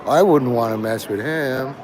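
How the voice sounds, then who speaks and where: A man's voice: medium pitch, normal speed, darkish tone, slight background noise, low-quality recording. A man hosting a livestream, talking to his chat in a crude, rambling way and laughing at his own jokes. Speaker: livestream host.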